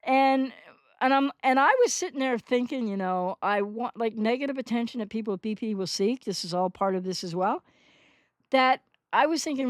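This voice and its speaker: A woman's voice: medium pitch, normal speed, no echo, clean studio sound. A woman in her sixties hosting a recovery channel, giving a rambling, candid, unscripted monologue in reply to a commenter, often correcting herself as she goes.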